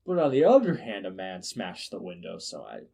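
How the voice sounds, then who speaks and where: A man hosting a casual news podcast, sarcastic and quick to laugh, often restarting his words. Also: sits low, very animated, gravelly, mellow. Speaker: podcast host.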